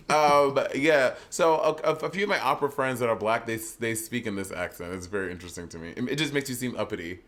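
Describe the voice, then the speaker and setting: A man in his thirties from Saint Lucia, co-hosting a podcast in lively, bantering casual chat and laughing often. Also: medium pitch, fairly quick. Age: 30s. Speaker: podcast co-host.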